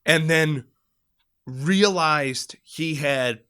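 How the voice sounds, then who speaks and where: A middle-aged man co-hosting a podcast, telling a military story in casual, profane chat and acting out shouted quotes. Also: on the high side, extremely slow, clear, resonant tone.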